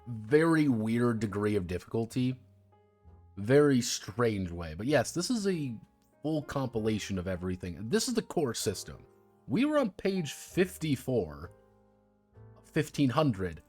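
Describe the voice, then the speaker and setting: Rambling man streaming with lively pitch. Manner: rambling, joking, swears freely. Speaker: streamer reviewing a tabletop game book. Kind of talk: casual live-stream chat.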